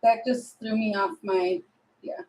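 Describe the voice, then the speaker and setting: A woman's voice: medium pitch, steady tone, measured pace, warm tone, rough recording. A woman giving tarot readings on a live stream, chatty and apologetic, thinking aloud as she goes. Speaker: tarot reader.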